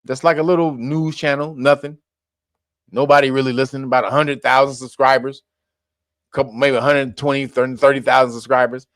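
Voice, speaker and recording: A man's voice: medium pitch, little pitch movement, a little fast, fairly bright tone, no room sound, studio quality. A man hosting a commentary show, talking bluntly and profanely, laughing often and mocking what he reads. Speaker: commentary podcast host.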